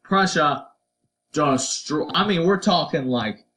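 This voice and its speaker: A man's voice: a little high, slow pace, sharp tone. A man teaching a history lesson in a casual, conversational way, tossing in playful asides and putting on voices for quotes. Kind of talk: recorded history lecture.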